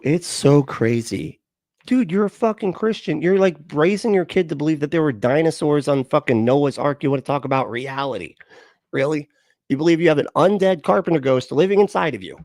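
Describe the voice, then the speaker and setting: Brief: male livestream host, gravelly and animated, cursing and sarcastic, dry close sound. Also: mid-range voice, dry recording. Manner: profane, sarcastic, incredulous. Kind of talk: livestream reaction commentary.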